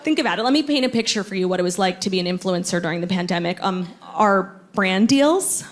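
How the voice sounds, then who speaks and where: Speaking fast in an expressive, medium-pitched voice, a young woman delivers a brash, self-absorbed stand-up set full of dry sarcasm. She's on a theatre stage, and the live recording picks up the audience laughing.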